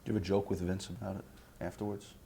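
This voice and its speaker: A man's voice: low voice, level tone, fast, vocal fry, warm tone, husky. A man interviewing a guest, asking probing questions with a joking edge.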